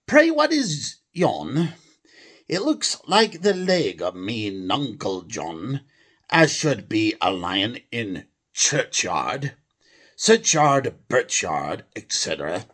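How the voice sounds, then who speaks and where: A man's voice: medium pitch, very animated, slow pace, a bit bright, pitched above the performer's own voice, exaggerated voice. A man reading a poem aloud and voicing cheeky young Tom in a mock English accent.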